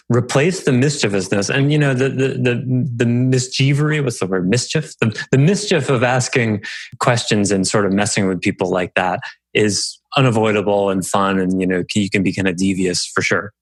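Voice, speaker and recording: A man hosting a podcast, coaching a guest in a calm, reflective way. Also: fairly low pitch, normal speed, no room sound. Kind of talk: coaching conversation.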